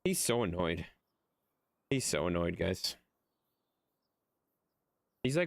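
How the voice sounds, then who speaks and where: A low-voiced man streaming from home, his pitch jumping all over as he rambles and curses to his chat. The sound is close and dry, with faint music under it. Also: sing-song, slow pace, creaky, no echo. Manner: rambling, profane, chatty. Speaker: game streamer. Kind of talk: casual livestream chat.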